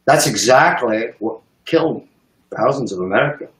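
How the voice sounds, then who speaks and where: A man ranting profanely and emphatically about politics on a live stream, with sharp swings in pitch. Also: expressive, moderate pace, reverberant, rough recording. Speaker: economic analyst on a live stream.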